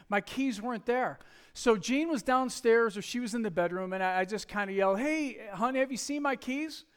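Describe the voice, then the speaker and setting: A middle-aged man preaching a sermon, telling a personal story in a conversational way and acting out the quoted dialogue. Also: high voice.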